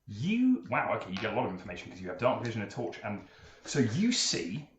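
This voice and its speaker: A man narrating as game master, playful and animated, jumping up in pitch for emphasis. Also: a little fast. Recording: echoey room mic with faint noise.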